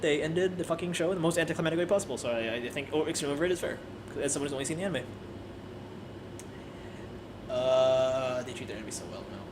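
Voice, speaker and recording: A man with a fairly high voice rants through a casual review, animated and full of swearing. He stumbles and restarts his sentences as he goes, over a faint background hum. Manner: animated, profane, frequent restarts. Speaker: anime video creator.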